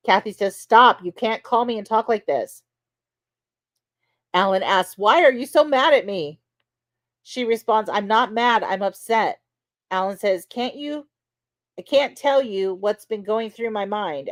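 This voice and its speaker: A woman retelling court testimony in a loose, chatty way, often using "like" and "you know" as she goes. Her voice sits at a medium pitch and sounds dry and close, with no room echo. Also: normal speed. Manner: conversational, many fillers like "you know". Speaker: podcast host. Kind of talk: casual recap of trial testimony.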